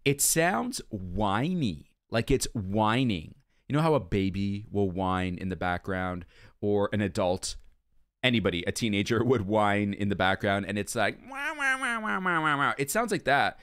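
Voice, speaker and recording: A man's voice: on the low side, unhurried, no echo, studio quality. A man hosting a music video reaction, talking casually and gushing about what he sees and hears. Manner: animated, gushing, hums along to the melody.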